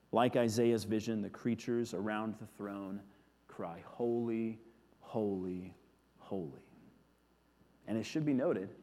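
A man preaching a sermon, earnest, repeating key words and letting them fall soft. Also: medium pitch, big-room sound. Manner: earnest, with emphatic repetitions falling soft. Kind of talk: sermon teaching on scripture.

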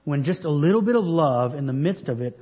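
Husky male pastor preaching in a reverberant hall. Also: on the high side, lively intonation. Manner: earnest, measured preaching with rhetorical questions. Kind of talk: sermon. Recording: dull recording with long hall reverb.

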